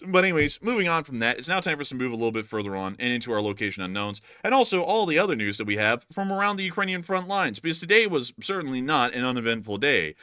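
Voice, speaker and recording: A man's voice: mid-range voice, big pitch swings, quick pace, hardly any pauses, sharp tone, smooth, dry recording, studio quality. A man with a Southern US accent hosting a casual war news livestream, folksy and rambling, repeating his thanks to supporters.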